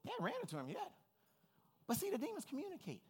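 A man's voice: very high voice, wildly swooping pitch, fast. A male pastor preaching an emphatic sermon, repeating phrases and building to fervent peaks. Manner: emphatic, repeats phrases, rises to shouting fervor.

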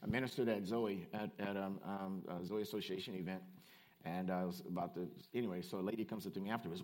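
A man preaching a lively sermon, swinging between loud, emphatic lines and quieter explanations. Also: fast. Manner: animated, swings from shouting to low asides.

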